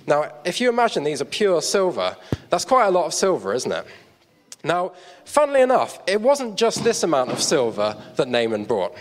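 A man's voice: on the high side, wildly swooping pitch, moderate pace. A man preaching a sermon on stage, telling a story with props and chatty asides to the audience. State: out of breath. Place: church hall stage. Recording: long hall reverb.

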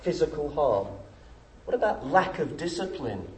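A middle-aged man preaching a sermon, emphatic and full of rhetorical questions. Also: moderate pace. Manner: emphatic, rhetorical questions, lively pitch swings. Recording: echoey room with faint noise.

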